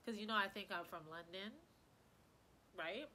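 Woman vlogger, bright forward voice, stuffy-nosed, gushing casual chat, needs a rambling friendly read. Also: mid-range voice, moderate pace, slight background noise. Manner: chatty, rambling and effusive. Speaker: hair care vlogger.

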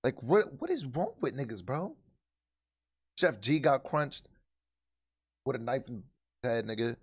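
A male streamer chats casually with his audience while reacting to a clip. His delivery is loose and slangy, with plenty of "you feel me," and his voice sits at an ordinary middle pitch. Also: sing-song, a little slow, husky. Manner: laid-back, slangy chat with the viewers.

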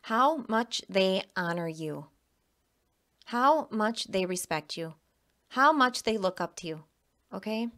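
A woman's voice: mid-range voice, animated, slow, long pauses, sharp tone. Woman tarot reader, mid-range voice, emphatic and repetitive delivery. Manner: emphatic, repeats phrases, frequent "okay?". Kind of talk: casual tarot reading monologue.

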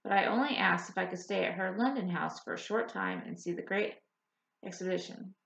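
A woman's voice: mid-range voice, expressive, a little fast, gravelly, a bit bright. A woman voicing an earnest young woman who longs to be an inventor, pleading and restless in an audiobook. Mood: eager. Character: eager young woman, anxious dreamer wanting to invent. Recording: roomy, slightly dull audiobook recording.

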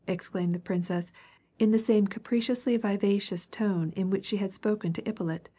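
A woman reads a classic novel aloud in steady, measured narration. Her voice is mellow and warm, with a soft, breathy huskiness. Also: mid-range voice. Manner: even, measured storytelling. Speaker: audiobook reader.

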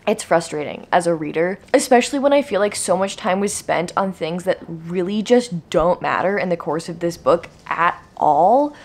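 A young woman vlogging about her reading, ranting in an exasperated, emphatic way. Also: on the low side. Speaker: book vlogger. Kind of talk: casual vlog rant.

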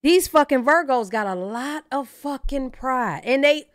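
A woman hosting a reaction channel, giving blunt, profane, animated opinions in casual commentary. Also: high voice, a little slow, no room sound, clean studio sound.

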